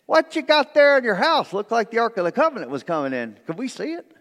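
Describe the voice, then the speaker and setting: A man putting on a nosy, overly friendly male neighbor with a made-up comic accent and a high voice, in a reverberant hall. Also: wildly swooping pitch, quick pace, a bit bright, full character voice.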